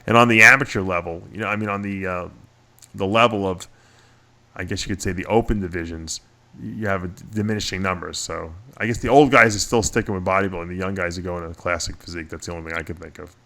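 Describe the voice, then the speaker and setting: A man's voice: sits low, quick pace. A middle-aged man with a New York accent, chatting casually as a radio show host and telling stories with a laugh. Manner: animated storyteller, laughs at himself. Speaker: podcast host. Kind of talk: casual chat.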